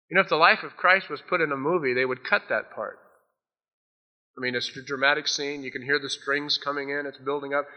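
A man preaching a sermon, retelling Bible stories in a casual, animated way and acting out the characters' lines. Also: mid-range voice, brisk, lo-fi sound. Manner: storytelling, acts out the voices of Bible figures. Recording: long hall reverb.

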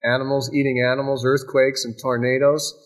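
A man preaching a sermon, emphatic, with repeated phrases and dramatic pauses. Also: medium pitch, level tone. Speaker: pastor.

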